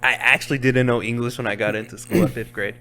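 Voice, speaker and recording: A young man, a podcast co-host, telling a story in casual chat, relaxed and swearing now and then. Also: medium pitch, quick pace, crowd noise.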